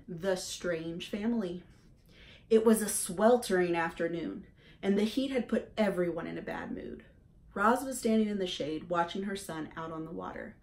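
A woman reading a children's novel aloud to kids in a gentle, encouraging, unhurried way, as a teacher would. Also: on the low side.

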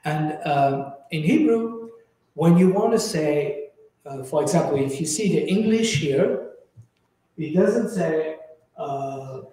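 A man leads a Torah class, speaking slowly and haltingly and restarting his sentences as he reaches for the next thought. His voice is mellow and sits a little high for a man, and it rings out in a very reverberant hall. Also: animated. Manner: slow, searching delivery with many restarts and fillers. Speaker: rabbi teaching a Torah class. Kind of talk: informal Bible teaching. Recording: very echoey room.

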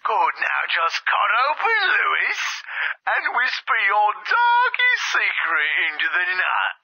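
A man doing a riddling gravelly prisoner. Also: high voice, wildly swooping pitch, slow, bright, forceful tone, dry recording, dull audio, heavily acted. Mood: cryptic. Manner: riddling, chuckling. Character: cryptic male fellow prisoner giving advice.

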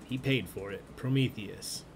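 With a lowish, unhurried voice, a man hosts a live-streamed online trivia game amid background noise. He reads out the questions and answers in a chatty, joking manner.

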